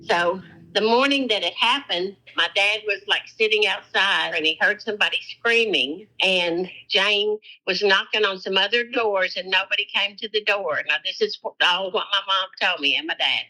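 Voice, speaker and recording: Bright-voiced woman recalling events. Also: medium pitch, moderate pace, rough recording. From Arkansas, US. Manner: chatty, with fillers like "you know". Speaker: interviewee. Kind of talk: casual recollection in an interview.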